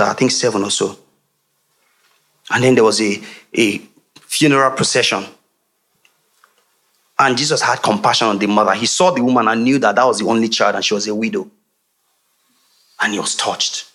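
A man preaching a sermon, quizzing his congregation for answers, with frequent laughs and chatty asides. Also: medium pitch. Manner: animated call-and-response with congregation; laughs often, conversational asides.

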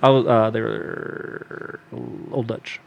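A man's voice: on the low side, huge pitch swings, takes it slowly, creaky, dull audio. A man telling a story on a casual podcast, swearing often, laughing, and acting out what people said to him. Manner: profane, laughing, quotes himself and others.

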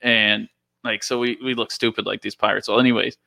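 Casual man host, gravelly and bright, dry close sound, jokey. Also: fairly low pitch, flat delivery, brisk, dry recording. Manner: joking, laughs often. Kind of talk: casual podcast chat.

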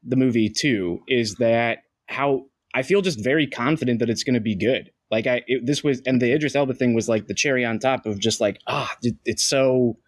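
Enthusiastic podcast co-host, mid-pitched man, dry close mic. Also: moderate pace, hardly any pauses, no echo. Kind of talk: casual podcast chat.

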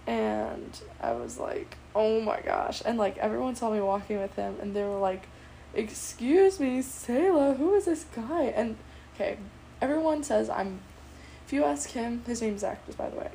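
A chatty teenage girl spills a story straight to the camera, bubbly and full of fillers. Her fairly high voice carries a gravelly fry at the ends of phrases. A faint hiss sits under the recording. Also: animated, moderate pace, dark tone, low-quality recording. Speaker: student telling a personal story.

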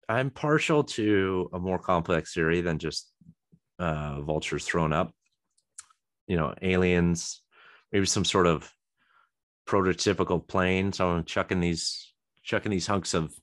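A man's voice: deep voice, no room sound, studio quality. A man hosting a podcast alone, rambling casually with chuckles, many ums and restarts. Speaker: podcast host. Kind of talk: casual solo chat.

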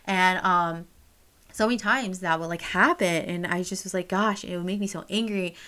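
A woman's voice: on the low side, moderate pace, bright, forceful tone. A young woman telling a personal story straight to camera, candid and casual, swearing freely and full of fillers. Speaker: vlogger.

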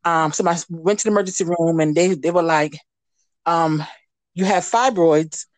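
A woman guest on a radio show, telling a candid personal story in a lively way and acting out the voices she quotes. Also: on the low side, moderate pace, no room sound.

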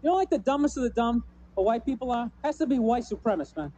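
High-voiced, rambling stand-up comic man. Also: lively intonation, quick pace, dark tone, lo-fi sound, slight background noise. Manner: loose, rambling delivery full of "you know" and "man". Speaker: stand-up comedian. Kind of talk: stand-up routine.

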